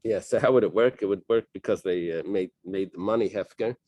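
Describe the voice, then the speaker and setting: A man leading a Talmud study class, reading Aramaic passages and translating them in a casual, halting way with many fillers and restarts. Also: low-pitched, dark tone. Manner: casual, thinking aloud.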